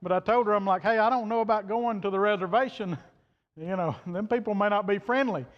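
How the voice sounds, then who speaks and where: A man's voice: sits high, a little fast. A man preaching a sermon, telling a story in a folksy, plain-spoken way and quoting the people in it. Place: church sanctuary. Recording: dull reverberant church hall audio.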